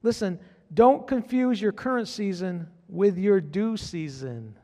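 A man's voice: sits high, expressive, unhurried, warm tone, long reverb tail. A man preaching a sermon as pastor, fervent, repeating his phrases and calling out to the congregation.

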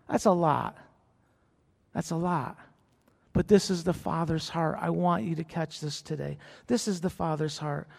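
A man's voice: sits high, creaky. A man preaching a sermon in a church, emphatic and repeating his key phrases. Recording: long hall reverb.

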